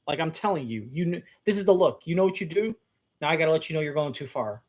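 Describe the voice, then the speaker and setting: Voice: medium pitch, lively intonation, fast talker, a little mellow. A talk-show speaker making blunt, emphatic points and cursing now and then. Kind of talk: casual talk-show banter.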